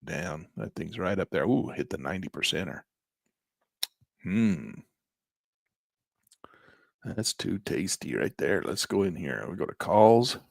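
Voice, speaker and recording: A hoarse man who keeps clearing his throat, thinking aloud as a trading instructor while he walks through placing trades in a live session. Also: deep voice, very animated, unhurried, long pauses, no echo, studio quality.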